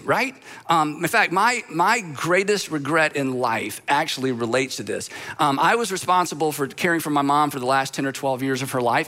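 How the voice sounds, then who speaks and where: A middle-aged male pastor gives a conversational sermon with humorous asides and repeated phrases. His voice is high-pitched with a sharp tone.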